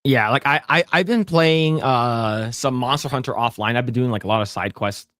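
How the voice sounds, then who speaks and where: This man's mid-range, somewhat bright voice moves at a moderate pace in a clean studio recording with no room sound. Co-hosting a casual podcast, he reads comments aloud, cracks jokes, stumbles over stammered restarts, and does mock voices.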